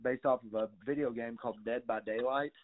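Fairly quick and steady in tone, a middle-aged male guest with a mid-range voice rambles through casual stories, dropping lots of fillers and a few curses. The sound is tinny, as if over a phone.

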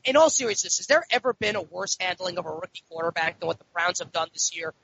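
A man's voice: high voice, lively intonation, fast talker, pushed and bright, husky. A man co-hosting a sports podcast, talking in a heated, argumentative way. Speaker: podcast co-host. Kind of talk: casual sports betting talk. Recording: dull lo-fi audio.

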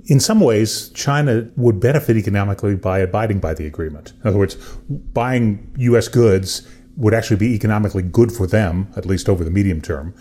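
A man's voice: lowish voice, mellow, husky. A man hosting an interview, setting up questions thoughtfully and at length. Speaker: podcast host.

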